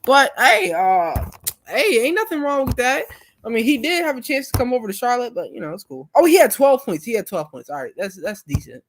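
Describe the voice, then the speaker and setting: A young man hosting a live stream, chatting casually with viewers in a relaxed, rambling way full of fillers. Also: very high voice, fairly quick. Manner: laid-back, rambling, many fillers.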